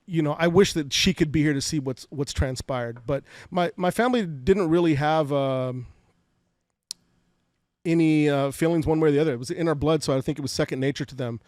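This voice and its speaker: A man's voice: on the high side, fairly quick, a little mellow, dry recording. A man in his forties from Fresno, California, a podcast guest candidly telling emotional stories from his life and often repeating words as he talks. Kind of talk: personal storytelling interview. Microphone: podcast studio mic.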